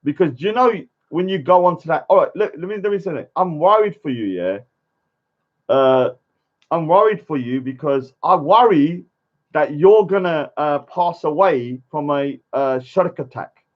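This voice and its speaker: Argumentative man, lively pitch. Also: normal speed. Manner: argumentative, keeps adding "yeah?" tags. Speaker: livestreamer. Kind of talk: casual livestream rant. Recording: dull lo-fi stream audio.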